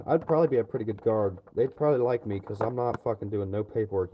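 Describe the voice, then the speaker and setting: Male livestreamer, profane and fired-up ranting, warm dark tone. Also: fairly low pitch, fairly quick. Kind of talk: livestream rant.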